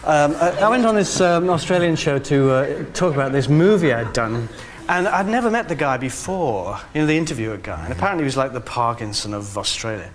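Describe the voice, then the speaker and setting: A man from England telling comic anecdotes in an interview, camp and giggly, jumping into squeaky high voices for quotes. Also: expressive, brisk, hardly any pauses, a crowd in the background, poor audio. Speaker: interviewee, comedian and broadcaster.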